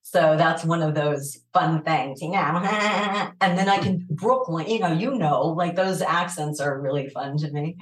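A woman with a New York accent and a low, raspy voice, chatting animatedly as an interview guest and laughing often. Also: a little slow, reverberant, slight background noise, low-quality recording. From New York City. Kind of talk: casual interview chat.

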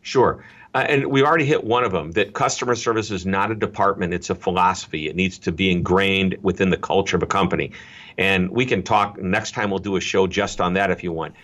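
A middle-aged man, a guest speaker on customer service, telling anecdotes in an energetic interview style and repeating key phrases. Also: low-pitched, a little fast. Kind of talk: interview storytelling.

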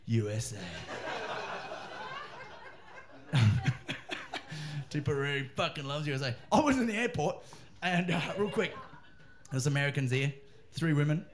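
A man, a comedian, telling a funny story in a loud, laughing, swearing riff. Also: on the high side, a little fast, a little hiss or hum. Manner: animated, laughing, swearing, riffing. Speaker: comedian podcast guest. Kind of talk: comic storytelling.

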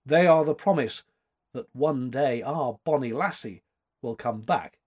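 Husky male storybook narrator. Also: medium pitch. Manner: measured, expressive storytelling. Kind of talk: audiobook narration.

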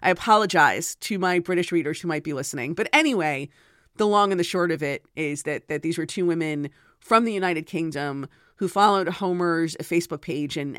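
A woman's voice: low-pitched, fairly quick, a bit bright, dry recording. Chatty woman podcast host, dry sound. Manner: chatty, digressive, self-deprecating. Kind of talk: casual storytelling monologue.

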